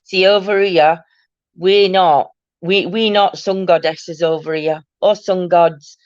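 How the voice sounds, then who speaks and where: A woman's voice: on the low side, steady tone, slow pace, no echo, highs cut off. A woman hosting a paranormal live stream from home, chatting casually and reading out viewer comments, teasing and laughing often.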